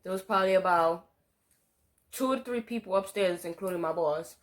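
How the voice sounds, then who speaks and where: Animated, profane young New woman. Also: lowish voice, normal speed. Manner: animated, profane, slangy storytelling. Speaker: vlogger. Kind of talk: storytime monologue.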